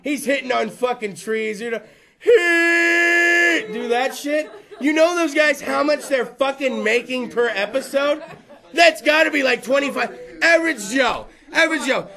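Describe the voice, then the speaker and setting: Male host, thirties, profane stand-up rant; bright, edgy timbre. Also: extremely high pitch, moderate pace, vocal fry. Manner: crude, profane, rambling storyteller. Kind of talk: stand-up style rant to a live room. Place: room with small live audience.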